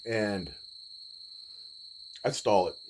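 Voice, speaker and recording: A man in his forties, telling a personal story in a laid-back, rambling way with pauses. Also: on the low side, expressive, a little mellow, a little hiss or hum, rough recording. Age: 40s. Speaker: vlogger. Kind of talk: casual storytelling.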